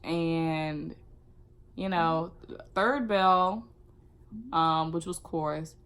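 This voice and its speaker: A young woman shares a casual storytime on her vlog. Her voice sits a little low, and she tells it in an animated way, acting out the lines of the people in her story. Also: extremely slow, smooth. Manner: animated, acts out quotes. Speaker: vlogger.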